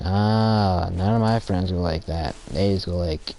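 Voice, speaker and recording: A teenage boy with a deep, low-pitched voice rambles about friendships in a casual, halting way, stopping and restarting his thoughts. His teeth are sore from aligners, and he sometimes acts out his friends in little quoted voices. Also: steady tone, warm tone, a little hiss or hum. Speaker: gaming channel creator. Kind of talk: casual rambling talk while gaming.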